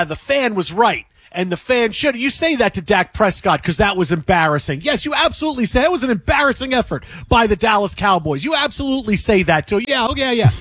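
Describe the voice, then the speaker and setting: A man's voice: high-pitched, fairly bright tone, no room sound. A man hosting a sports talk radio show, ranting emphatically and repeating himself for effect.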